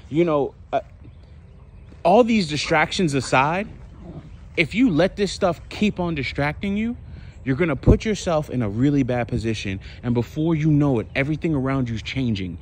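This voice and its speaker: Male vlogger, loose profane storyteller, average pitch, a little room noise behind. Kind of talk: casual rambling monologue.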